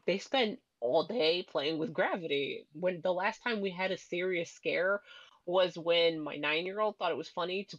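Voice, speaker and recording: Animated woman telling family stories, dull dry sound. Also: fairly low pitch, dry recording. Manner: animated storyteller who acts out family voices. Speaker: podcast guest. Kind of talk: casual chat.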